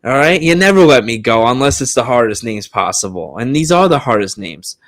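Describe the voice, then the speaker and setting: A young American man co-hosting a casual sports podcast, talking in a relaxed way with frequent restarts. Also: medium pitch, brisk, no echo, studio quality. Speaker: podcast co-host.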